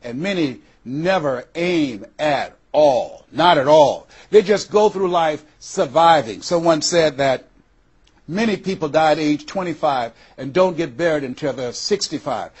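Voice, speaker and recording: Husky older man giving a motivational speech. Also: on the high side, expressive, a little mellow. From USA. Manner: dramatic pauses, acts out quoted voices. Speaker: motivational speaker.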